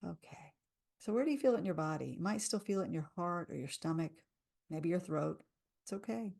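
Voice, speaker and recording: Leading a live tapping session, a woman speaks in a lowish, creaky, darkish voice, a little fast and with lively intonation. Her lines are soothing, and she has listeners repeat the affirmations after her.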